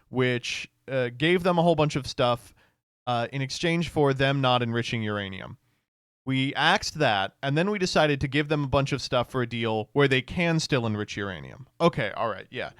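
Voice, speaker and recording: A man's voice: mid-range voice, expressive, normal speed, fairly bright tone, clean tone, dry recording, clean studio sound. A man streaming casual political commentary, sarcastic and profane, often stammering and restarting his sentences.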